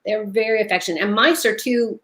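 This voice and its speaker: A middle-aged woman, a guest in a casual interview, telling lively stories and laughing often. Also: medium pitch, a little fast. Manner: animated storyteller, laughs often.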